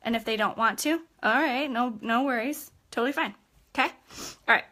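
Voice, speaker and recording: A woman's voice: on the high side, brisk, pushed and bright. A young woman giving an upbeat live-streamed coaching talk as a sales team trainer, chatty and constantly checking in with her listeners.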